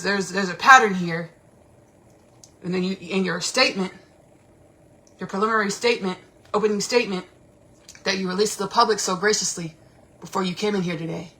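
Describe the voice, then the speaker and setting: A woman hosting a casual livestream, talking in an animated, rambling, slangy way and repeating herself often. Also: lowish voice. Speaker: podcast host.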